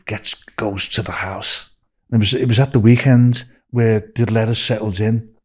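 A man in his sixties from Liverpool with a Scouse accent, a podcast guest telling a story in an animated way, acting out what people said. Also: on the low side, moderate pace, breathy edge. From Liverpool, England. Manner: animated, acts out quoted speech in a raised voice. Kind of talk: anecdotal storytelling.

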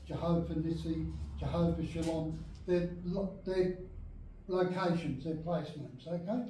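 This high-pitched man with a dark tone is teaching adults a Bible lesson in a church meeting room, with slight background noise present. He stresses his points and regularly confirms his audience is with him. The recording is very reverberant and distant.

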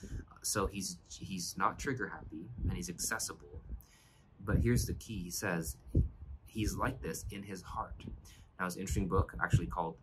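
A man's voice: sits low, moderate pace, heavy background noise. A man pastor giving an earnest, reflective devotional sermon, often restarting his phrases.

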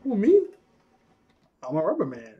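A man voicing a cheerful, reckless young male pirate from a cartoon, lifting his husky voice higher and louder than his plain talk. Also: huge pitch swings, unhurried, phone-quality sound, heavily acted. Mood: excited.

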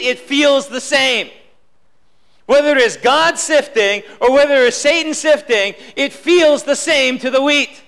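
Man, pastor, very high voice, sharp and bright, emphatic sermon, church. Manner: emphatic preaching, repeats key lines, drops low for quotes. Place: church sanctuary.

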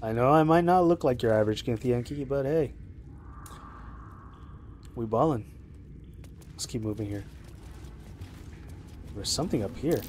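A young man streaming live, rambling chattily about his game with excitable reactions. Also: mid-range voice, unhurried, pauses often, slight background noise. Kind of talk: live gameplay commentary.

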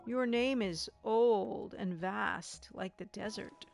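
A woman voicing a giant, gentle, motherly female creature queen in a video game, speaking with a gracious, cooing manner. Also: mid-range voice, slow pace, vocal fry, soft background music.

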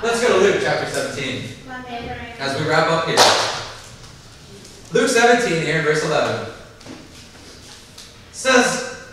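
A man preaching a sermon at a church service, animated, acting out the voices of people in the story. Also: fairly high pitch, unhurried, long pauses, distant mic, a little hiss or hum. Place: church service in a large hall. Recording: echoey hall, mic from afar.

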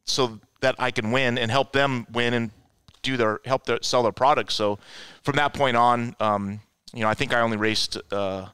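A man tells stories in a casual, animated way, jumping into the voices of the people he quotes. His voice is bright and clear. The recording is dry, with little room sound. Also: medium pitch, normal speed, dry recording. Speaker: guest, offroad racer. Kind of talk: casual storytelling.

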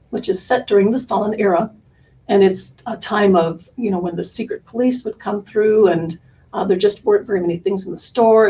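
A middle-aged woman talking earnestly about books as a podcast guest, animated and laughing often. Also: mid-range voice, a little hiss or hum, poor audio. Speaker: curriculum company founder, guest. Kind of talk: conversational interview.

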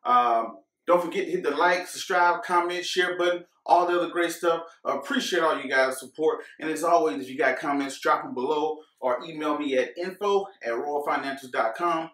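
A man's voice: a little high, moderate pace, a bit bright, far from the mic. A man hosting a finance channel, explaining at a whiteboard to camera in a casual way, repeating points and talking straight to viewers. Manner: casual, repeats himself, talks to viewers as guys. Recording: echoey room, away from the mic.

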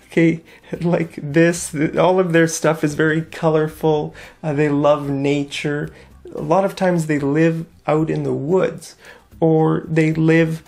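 Slow gravelly English teacher. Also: mid-range voice, darkish tone. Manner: slow, repeats each word, asks learners questions. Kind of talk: vocabulary lesson for learners.

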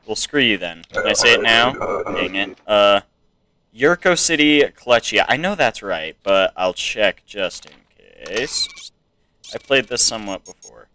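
A man's voice: lowish voice, lively intonation, unhurried, noisy background. A young man casually commenting on a game as he plays, reading its text aloud and trying out silly voices. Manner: chatty, reads game text aloud, tries silly accents. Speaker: gameplay streamer. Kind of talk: casual let's play commentary.

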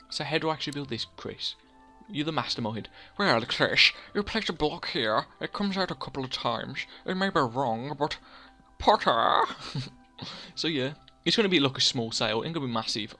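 A man's voice: medium pitch, bright, forceful tone. A young man, hosting casual gameplay commentary in a rambling, self-mocking way, often talking to himself by name. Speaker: let's play host.

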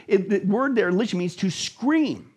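Appearing as a guest on a show, a pastor teaches scripture emphatically in conversation, his urgency rising as he repeats words again and again. His slightly husky voice is higher than usual for a man, and its pitch swings widely as he drives each point home. He is animated, intense and dramatic, and speaks at normal speed.

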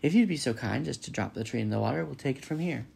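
A man doing a brisk, scolding beaver wife. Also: mid-range voice, lively intonation, vocal fry, a little mellow, breathy edge, heavily acted. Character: sharp, practical female beaver wife.

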